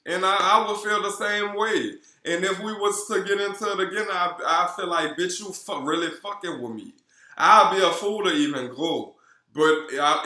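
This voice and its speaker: Man, New Orleans accent, sassy profane gossip recap, bright forceful voice, roomy echo. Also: a little high. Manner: sassy, animated, swears constantly, calls viewers girl. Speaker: reality TV recap vlogger.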